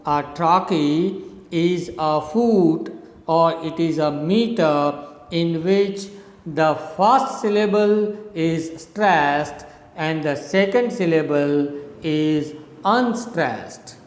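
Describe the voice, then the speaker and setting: Recorded during a lecture, a middle-aged man from India who teaches English literature repeats and spells out words for his class at a very slow, deliberate pace. His voice runs slightly high for a man, and the space rings with a long echo.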